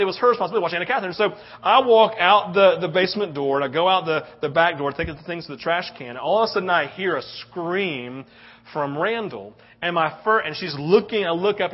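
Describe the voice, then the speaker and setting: A man's voice: on the high side, lo-fi sound. A man in his thirties preaching a sermon, telling a story animatedly and often asking "right?". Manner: animated storytelling, tag questions. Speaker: pastor.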